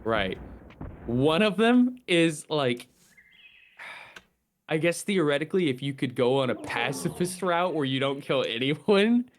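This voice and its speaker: A male streamer in casual chat, animated, swearing often and putting on voices as he retells a game. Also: a little high, slow, a little hiss or hum.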